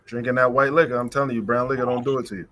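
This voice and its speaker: Bright-voiced man teasing in dry sound. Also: mid-range voice, little pitch movement, racing, no echo. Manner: teasing, joking banter. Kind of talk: casual podcast banter.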